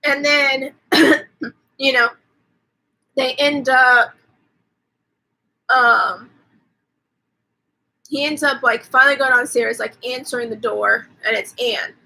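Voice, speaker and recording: Host, woman, bright higher voice, loose rambling plot recap full of "like", casual swearing. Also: steady tone, vocal fry, poor audio. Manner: rambling, fills every pause with "like", swears casually. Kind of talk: casual movie recap on a livestream.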